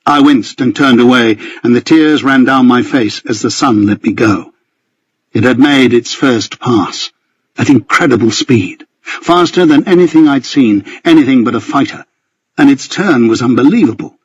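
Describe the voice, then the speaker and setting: A man narrates a first-person story in a husky voice at a middling pitch. His telling is tense and vivid. The recording sounds dull and lo-fi. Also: normal speed. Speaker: audiobook narrator.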